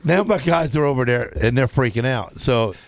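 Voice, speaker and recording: A man's voice: mid-range voice, moderate pace, creaky, no room sound. Rambling man telling a story. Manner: rambling, animated storyteller with repeated restarts. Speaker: radio show co-host. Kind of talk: casual storytelling on radio talk show.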